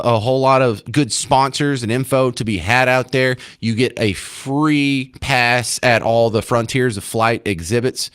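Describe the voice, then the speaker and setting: In a radio studio, a man hosts a talk radio show, delivering a casual monologue that rambles and pokes fun at himself. His medium-pitched voice is smooth and fairly bright, recorded cleanly in the studio with no room sound.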